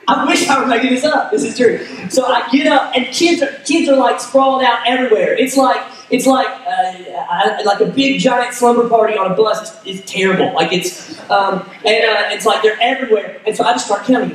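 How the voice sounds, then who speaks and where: High-voiced male pastor in an echoing hall. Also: a little fast. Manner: storytelling, self-deprecating, acts out dialogue. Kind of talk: sermon. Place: church sanctuary. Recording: echoey hall, voice from far off.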